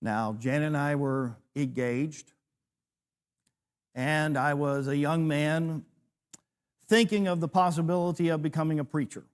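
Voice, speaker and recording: A man's voice: on the high side, fairly even intonation, measured pace, long pauses. A man in his sixties, a preacher, teaching a church class, telling a personal story with self-deprecating humor.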